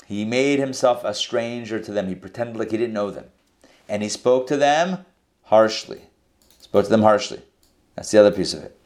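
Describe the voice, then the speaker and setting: A man's voice: on the low side, expressive, normal speed, darkish tone. A man leading an informal Bible class, explaining verses in a conversational, think-aloud way. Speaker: Torah teacher.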